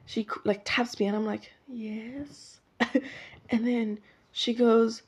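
A woman's voice: a little high, level tone, slow pace, darkish tone, slightly rough. A young woman, hosting a podcast and rambling through a story with lots of fillers and restarts. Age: late teens. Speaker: podcast host. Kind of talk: casual storytelling monologue. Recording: slightly dull lo-fi audio.

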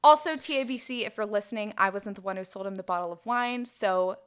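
A woman's voice: mid-range voice, fast talker, fairly bright tone, clean tone. A woman in her twenties telling a story in a casual podcast chat. She talks in a chatty way and leans on "like" as a filler. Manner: chatty, heavy use of "like" fillers. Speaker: podcast co-host.

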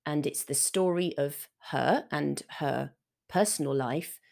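A woman teaches English vocabulary at a slow, careful pace. Her voice is low and carries some gravelly fry. She explains each word patiently and gives example sentences. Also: darkish tone. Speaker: English teacher and podcast host. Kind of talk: vocabulary lesson, slow and clear.

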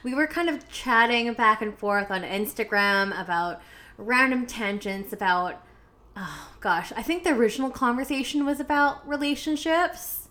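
A woman's voice: on the high side, normal speed, pushed and bright. A woman from Canada hosting a podcast, chatting casually and laughing often. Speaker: podcast host.

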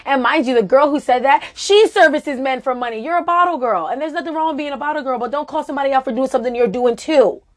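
A woman co-hosting a casual chat, opinionated and quick to laugh. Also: high voice. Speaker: podcast co-host. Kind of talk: casual chat about reality TV.

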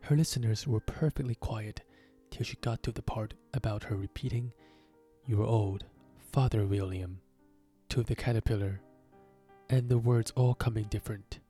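A man narrating a storybook reading in a steady, even manner. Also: medium pitch, normal speed, faint music behind.

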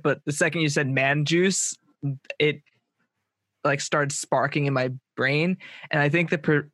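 A young man in his twenties chats on his podcast, a touch high in pitch. He jokes around and laughs easily. The recording is dry and close, with no room sound. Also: a bit bright, no room sound. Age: 20s. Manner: joking, laughs often. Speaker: podcast co-host. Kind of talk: casual podcast chat.

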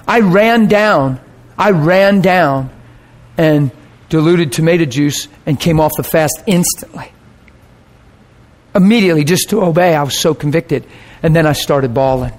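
Animated man preaching a personal story. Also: a little high. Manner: animated storyteller, acts out quoted voices, laughs and gets emotional. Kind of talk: sermon storytelling.

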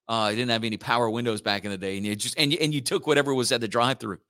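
A man's voice: mid-range voice, fairly even intonation, rapid-fire, bright, forceful tone. A man hosting a morning radio show, chatting in a rambling, joking way and slipping into playful robot voices. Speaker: radio host.

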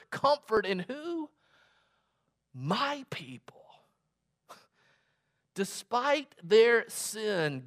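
A male pastor delivers a sermon at an unhurried, measured pace. He repeats key words for emphasis and lets his pitch rise and drop as he drives his points home. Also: fairly bright tone. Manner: slow, deliberate preaching with emphatic repetitions.

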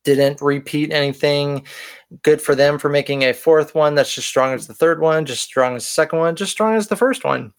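A man co-hosting a film podcast in casual chat. He talks in a joking, self-deprecating way. His voice sits a little high. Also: moderate pace, smooth. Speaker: podcast co-host.

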